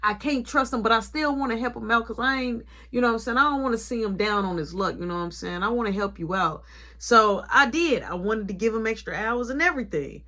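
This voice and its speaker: A young woman store manager telling a story in an animated, colloquial way. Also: a little high, fairly quick. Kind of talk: casual storytime vlog.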